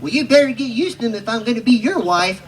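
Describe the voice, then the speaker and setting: A man voicing a fussy, easily riled wife who scolds her husband, in a shrill, indignant voice. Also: lively intonation, fast, recorded from a distance, a little hiss or hum.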